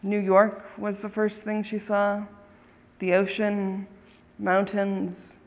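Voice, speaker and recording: A storyteller telling a tale in a calm, measured way, at a slow, unhurried pace. The voice sits at a middling pitch and carries a long reverb, as if told in a big hall.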